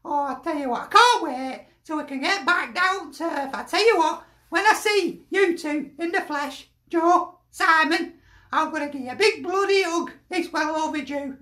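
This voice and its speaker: A woman's voice: high voice, moderate pace, bright, forceful tone, reverberant. A woman with a Lancashire accent, a football fan sending in a chatty, jokey video message and laughing often.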